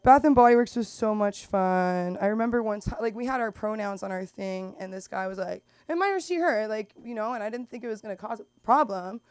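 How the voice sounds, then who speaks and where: Her voice mid-range and clean with no echo, a young stand-up comic speaks fairly quickly with hardly any pauses during an open mic set at a small comedy club. The stories ramble, filled with "like" and "um," and she bursts into loud exaggerated voices for the people in them.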